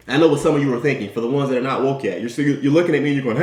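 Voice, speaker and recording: A man's voice: mid-range voice, very fast, hardly any pauses, a little mellow, soft background music. A man giving an emphatic motivational talk. He tells a story and keeps asking his listeners "right?". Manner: emphatic, tag questions, storytelling. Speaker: motivational speaker. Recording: echoey room.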